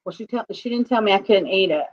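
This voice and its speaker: A woman chats and laughs easily while running an online auction, reading out comments and calling the bids. Her voice sits in a middle pitch, and the stream audio sounds muffled and lo-fi. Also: animated, fast. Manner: chatty, giggly, reads out viewer comments. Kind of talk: casual live-stream auction chat.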